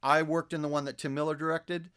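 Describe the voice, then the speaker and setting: Middle-aged man chatting about voices, animated storyteller, drops into impressions. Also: on the high side, quick pace, clear, resonant tone. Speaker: voice actor guest. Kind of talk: casual podcast interview.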